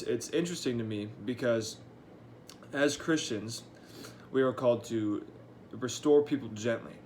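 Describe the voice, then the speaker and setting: A young man, a high school church intern, giving a short, earnest devotional talk in a casual way with restarts and fillers. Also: darkish tone, a little hiss or hum. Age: young adult.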